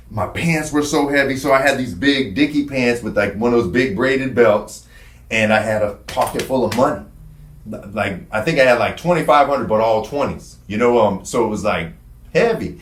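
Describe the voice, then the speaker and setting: A man casually telling a long personal story, animated and profane. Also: fairly low pitch, echoey room. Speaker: podcast guest telling his story.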